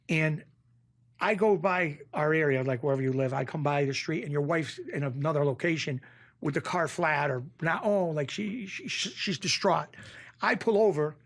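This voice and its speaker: A middle-aged man with a Western Massachusetts accent tells stories in a casual interview. He often acts out other people's lines in a raised voice. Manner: animated, acts out quoted voices in a raised pitch. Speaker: interview guest, former bookmaker.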